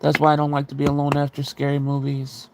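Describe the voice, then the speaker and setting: Gravelly middle-aged man, animated storyteller. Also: on the high side, fast, background noise. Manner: animated, rising sharply when quoting himself, swearing. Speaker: book club stream host. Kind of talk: casual storytelling chat.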